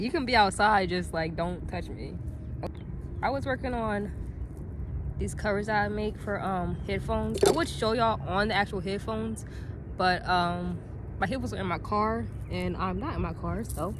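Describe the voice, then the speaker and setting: A woman's voice: mid-range voice, background noise. A woman in her twenties chatting casually to viewers in a vlog, rambling with lots of filler words, recorded outdoors in a park on a phone camera. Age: 20s. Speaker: vlogger.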